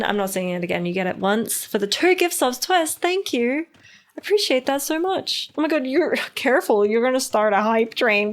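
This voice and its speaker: Female streamer-caster, slightly high voice, playful live commentary. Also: moderate pace. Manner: playful, teasing, giggly.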